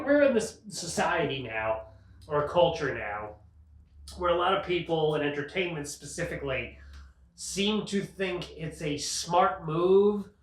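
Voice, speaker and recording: A male comedian hosting his show, riffing sarcastically in a rambling monologue and laughing at his own jokes. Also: sits high. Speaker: comedian host. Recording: roomy sound, mic at a distance.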